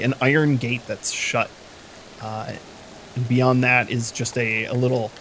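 A man narrates a tabletop game as game master at a middling pitch, stumbling through fillers and restarts as he describes the scene. Faint rain falls behind him. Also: vocal fry, slight background noise. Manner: halting, many fillers and restarts.

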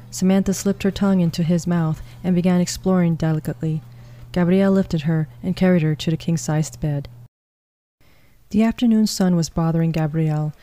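A woman reading a story aloud in a calm, even way. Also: lowish voice. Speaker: narrator. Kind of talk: storybook narration.

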